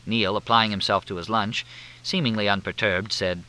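A man narrating a novel in a crisp, lively reading. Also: on the low side, normal speed, poor audio. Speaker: audiobook narrator. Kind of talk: scripted narration.

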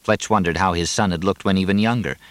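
A man reading a novel aloud in an even, measured narration. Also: low voice, smooth, no echo. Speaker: audiobook narrator. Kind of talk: scripted narration.

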